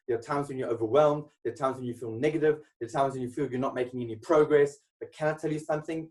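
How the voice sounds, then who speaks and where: A man's voice: mid-range voice, darkish tone, far from the mic, low-quality recording. A man giving an emphatic motivational webinar talk full of rhetorical questions. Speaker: motivational speaker. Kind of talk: webinar presentation.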